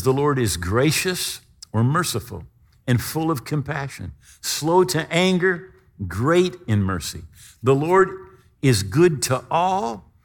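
A man preaching a sermon, emphatic, with dramatic swings between loud stresses and quiet drops. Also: medium pitch. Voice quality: lively, expressive intonation.

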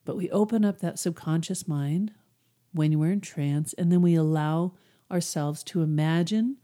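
A middle-aged woman with a lowish, warm and mellow voice talks through ideas in a relaxed, conversational way. She hosts her own podcast and now and then slips into quick acted inner voices. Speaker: podcast host, hypnosis coach. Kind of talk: casual teaching monologue.

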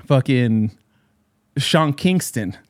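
A man's voice: mid-range voice, animated, drawn-out words, dry recording. A man and DJ telling a story in casual chat with friends, loose and profane with bro slang.

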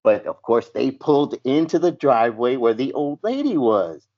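Man, casual storytelling, animated quotes, dull lo-fi recording. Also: mid-range voice, moderate pace. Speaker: paramedic telling a story. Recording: dull lo-fi sound.

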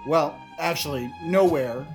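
A man voicing a chatty, self-pitying sentient park bench, rambling with deadpan asides in a comedic script reading. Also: measured pace, over music. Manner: rambling, deadpan asides, shrill when excited.

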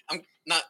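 Giggly, very bright-voiced male player. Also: poor audio. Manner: giggly, laughs often. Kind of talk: casual tabletop play.

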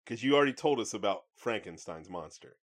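A man's voice: on the low side, expressive, brisk. A man co-hosting a podcast in casual chat, laid-back and using slang. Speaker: podcast co-host.

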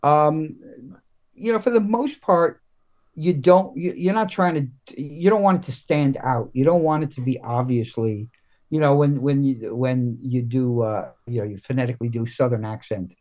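A man speaking as a guest in a relaxed podcast chat. He talks in a halting way, circling back and restarting his sentences, with a middle-pitched voice. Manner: halting, many restarts and fillers. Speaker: guest comics writer. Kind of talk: casual podcast interview.

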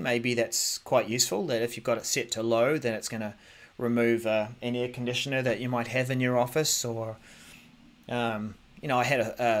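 A man's voice: mid-range voice, fairly bright tone. A man hosting a tech news podcast, talking casually into a podcast mic with lots of ums and restarts as he thinks aloud. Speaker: podcast host.

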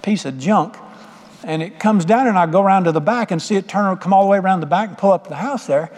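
Speaking at a quick pace with a darkish tone, a middle-aged man preaches in a fairly high voice. His sermon unfolds through folksy stories and regular questions to the audience, all carried by a long reverb like that of a big church hall.

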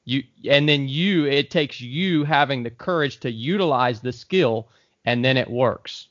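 A man's voice: mid-range voice, unhurried, a bit bright, muffled recording. A man hosting a casual podcast conversation, asking long encouraging questions and often restarting them. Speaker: podcast host.

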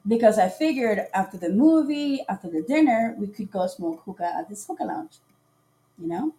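A woman with a mid-range voice hosts a casual live podcast and tells an animated dating story. She laughs often and acts out what others said.

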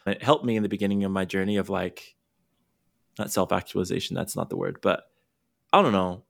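A man's voice: low-pitched, steady tone, brisk, gravelly. A man hosting a podcast interview, talking candidly in a rambling, self-interrupting way. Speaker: podcast host and career coach. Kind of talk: casual conversational interview.

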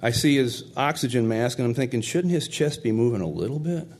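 A man's voice: medium pitch, a little fast, a little mellow, a little hiss or hum. A middle-aged man telling a heartfelt personal story in a conversational, tender way.

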